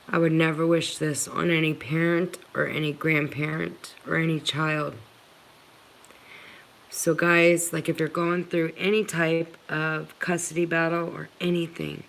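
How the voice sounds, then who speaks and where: A woman's voice: low voice, gravelly, a bit bright, rough recording. A woman hosting a live stream, answering viewers' comments in an earnest, pleading way and talking straight to them. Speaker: livestream host answering viewers.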